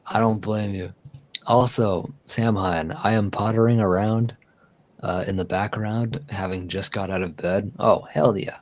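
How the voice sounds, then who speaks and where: A man's voice: fairly low pitch, steady tone, unhurried. A man hosting a casual livestream, chatting in a rambling way with easy laughs and repeated words. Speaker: livestream host. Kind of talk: casual chat.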